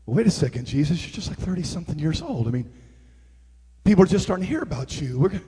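A man voicing worried disciples in a sermon, pleading in a hushed, hurried way. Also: a little high, big pitch swings, husky, big-room sound, full character voice.

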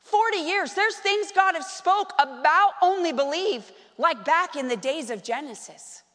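Woman pastor, high voice, lively chatty sermon delivery, long hall echo. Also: unhurried, few pauses. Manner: animated and conversational, questions the congregation. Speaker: preacher. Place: church hall.

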